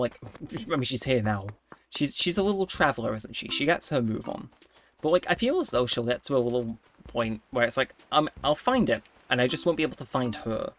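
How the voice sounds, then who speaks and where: Man, let's play commentary, rambling, thinking aloud, average pitch, faint music behind. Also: a bit bright. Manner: rambling, chatty, thinks aloud while playing. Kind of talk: casual game commentary.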